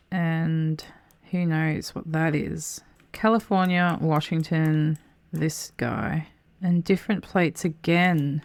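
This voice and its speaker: Woman, low voice, dry close sound, chatty game commentary, swears. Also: creaky, a little mellow, dry recording. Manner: thinks aloud, swears freely, mutters asides. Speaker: game streamer. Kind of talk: casual gameplay commentary.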